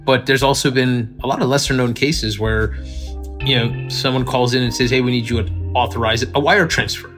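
A man's voice: mid-range voice, steady tone, normal speed, fairly bright tone, faint music behind. A man being interviewed as a technology expert, explaining things in a conversational way with some fillers. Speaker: tech company executive guest. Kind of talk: interview answers.

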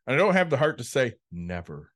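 A man's voice: mid-range voice, big pitch swings, brisk. A man co-hosting a podcast in casual chat, telling blunt stories and swearing freely. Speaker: podcast co-host.

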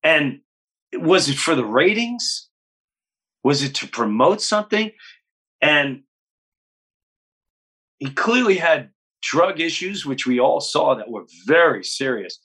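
A man in his fifties, a guest comedian telling stories in an interview, animated and acting out other people's lines. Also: fairly high pitch, slow, pauses often, breathy edge. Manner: animated, acts out quotes in other voices. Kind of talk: storytelling in an interview.

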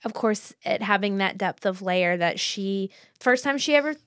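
A woman's voice: medium pitch, expressive, moderate pace, fairly bright tone, smooth, no room sound, clean studio sound. A woman co-hosting a book podcast who chats casually, swears freely and acts out little quotes while telling stories. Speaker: podcast co-host. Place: podcast studio. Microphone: studio microphone.

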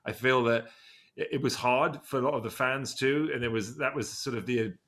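English male guest, bright timbre, chatty, loose and rambling. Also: mid-range voice, moderate pace. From England. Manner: chatty, self-deprecating, rambling storyteller. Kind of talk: casual interview chat.

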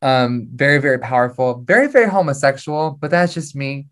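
A woman in casual fan chat, recapping a show with animated storytelling and quick character impressions. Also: rumbling low. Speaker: podcast co-host.

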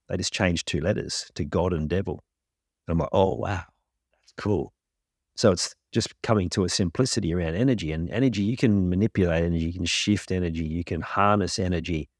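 A man being interviewed as a guest on a podcast, calmly and reflectively explaining his ideas at length. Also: low voice, no room sound, clean studio sound. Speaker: podcast guest, grief coach.

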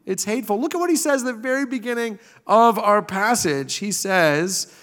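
A pastor with a notably high voice delivers a forceful sermon, driving points home through repetition. His words hang in the long reverb of a church sanctuary. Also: expressive, normal speed. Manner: emphatic preaching with rhetorical repetition. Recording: reverberant hall.

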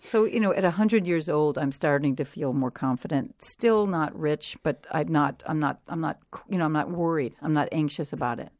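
Middle-aged woman comedian, low voice, crude animated storyteller, dry mic. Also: normal speed, few pauses, dry recording. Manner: profane, animated storyteller with frequent restarts. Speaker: comedian guest. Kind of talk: casual storytelling interview.

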